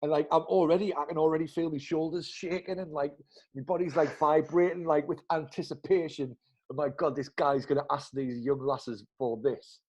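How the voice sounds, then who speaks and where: A man in his thirties with a northern English accent, co-hosting a podcast and telling an anecdote in a lively, chuckling way with local slang. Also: on the high side, normal speed. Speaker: podcast co-host. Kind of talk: casual storytelling chat.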